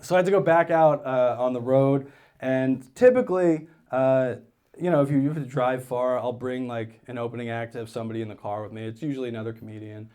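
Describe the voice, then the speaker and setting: A man doing stand-up comedy, telling a story on stage and dropping into flat, low-voiced quotes of other people. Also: brisk, clean tone. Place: theater stage with a live audience.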